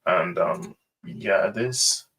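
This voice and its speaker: A man hosting a casual ranking review, rambling and hesitant with many pauses and fillers. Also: deep voice, bright, forceful tone, slightly rough, recorded from a distance, low-quality recording. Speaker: host.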